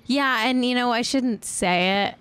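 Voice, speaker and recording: A woman's voice: a little high, measured pace, a bit bright, clear, resonant tone. A woman in her thirties from California hosting a casual celebrity gossip chat, joking and laughing often. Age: 30s. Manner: chatty, jokey, laughs often. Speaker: podcast host.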